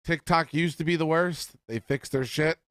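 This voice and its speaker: A man with a somewhat high voice, recorded dry and close. He co-hosts a podcast in casual chat, arguing heatedly and swearing through quick rants. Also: steady tone, a bit bright, clear, resonant tone, dry recording. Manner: argumentative, swearing, rapid rants. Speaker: podcast co-host.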